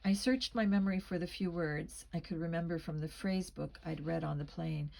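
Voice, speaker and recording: A woman reads a teen mystery novel aloud in amateur audiobook style, narrating in the first person and shading the dialogue with small voice changes. Her voice is fairly low and darkish, with vocal fry and a moderate pace, and the audio quality is poor.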